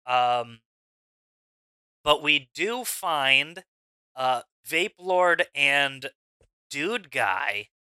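Bright-voiced, unhurried male game master. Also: on the high side, lively intonation, clean tone, no echo. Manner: unhurried, with frequent ums and uhs. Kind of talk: narrating a tabletop game.

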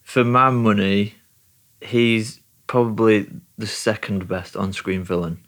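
A man with a somewhat low voice steering a relaxed conversation. He is wry and easily amused, often breaking into a laugh. His questions come across as light and conversational. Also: takes it slowly. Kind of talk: casual chat.

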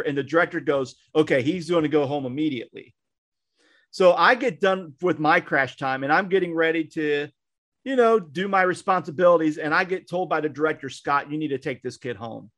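A man tells a story on a casual podcast, his voice sitting fairly high for a man. He acts out the quotes in his story and keeps restarting his sentences as he goes. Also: normal speed, fairly bright tone. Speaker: podcast co-host, minister.

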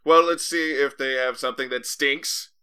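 A man's voice: medium pitch, fairly even intonation, moderate pace, pushed and bright, clear, resonant tone, lightly acted. An actor playing a pompous male professor who claims to be an expert on experts, talking in a put-on accent in improv comedy. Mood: haughty. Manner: snippy, defensive, blames his accent.

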